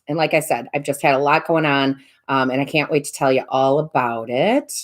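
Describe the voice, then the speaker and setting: A woman's voice: very deep voice, a little fast, few pauses, slight background noise. A middle-aged woman chatting casually on a live stream, greeting viewers by name and laughing often. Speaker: tarot reader and medium hosting a live stream.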